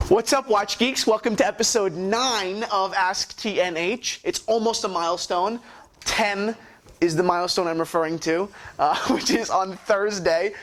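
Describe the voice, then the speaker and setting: A man's voice: high-pitched, measured pace, a bit bright. A man hosting a vlog and answering viewer questions in casual talk, with lots of fillers, restarts and swearing. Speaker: host.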